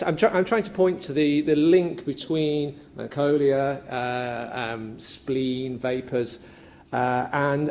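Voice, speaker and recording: A male academic gives a talk at a symposium. His voice sits at an ordinary pitch with a gravelly, creaky edge, and his delivery halts often with fillers and restarted phrases. A faint hiss of room noise sits behind him. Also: a little mellow. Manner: hesitant, many fillers and restarts. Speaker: academic speaker. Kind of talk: conference paper talk.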